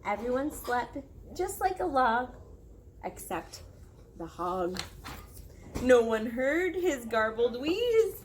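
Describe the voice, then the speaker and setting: A woman's voice: high voice, slight background noise. A woman reading a children's story aloud at story time, sing-song and playful, drawing out the rhyming lines. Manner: sing-song, animated, slow and drawn-out.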